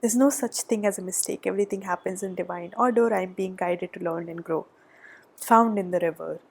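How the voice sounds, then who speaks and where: A woman giving a tarot reading, gushing and excitable, often dropping to a soft whisper, a little out of breath. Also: lowish voice, brisk, gravelly, slightly rough. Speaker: tarot reader. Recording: background noise.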